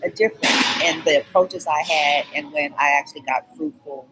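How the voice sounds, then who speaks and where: A woman's voice: sits low, steady tone, normal speed, background noise. A woman vlogger telling a rambling personal story, keeps checking in with "okay?" and skipping details with "blah, blah".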